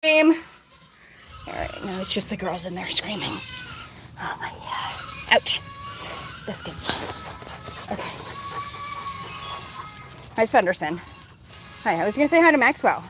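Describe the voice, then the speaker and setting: A woman's voice: medium pitch, very animated, unhurried, long pauses, background noise. A woman vlogging from her farm, chatting to her animals in a coaxing, sing-song way. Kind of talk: casual talk to farm animals. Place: outdoors on a farm. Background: goats bleating.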